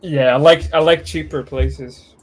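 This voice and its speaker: A young man with a Swedish accent, his voice set a touch high. He speaks bluntly, stumbling and restarting as he goes. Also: steady tone. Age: young adult. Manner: halting, restarts often, blunt. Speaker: guest, student. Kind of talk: casual chat.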